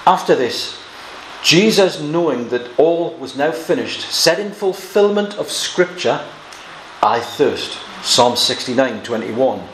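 An earnest male preacher delivering a Bible sermon, reading scripture quietly and then pressing his points with sudden emphasis. His voice sits a little higher than most men's. The room is echoey, with a faint hum of ambience behind him. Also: lively intonation, measured pace.

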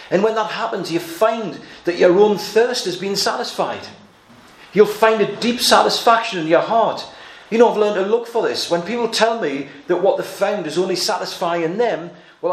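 A man preaching a sermon, explaining Bible passages verse by verse with a touch of humor. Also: sits high. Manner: expository Bible teaching with light humor. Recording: echoey room, faint background noise.

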